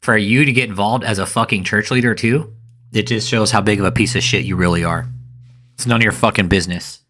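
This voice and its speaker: A man's voice: fairly low pitch, brisk, a bit bright. Angry, foul-mouthed commentator man. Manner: angry, profane ranting. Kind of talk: live reaction commentary.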